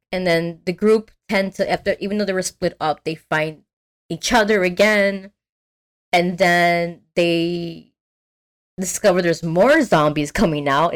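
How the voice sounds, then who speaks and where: Animated young woman recapping a film. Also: on the low side. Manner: animated storytelling, acts out quotes, swears casually. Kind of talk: casual movie recap chat.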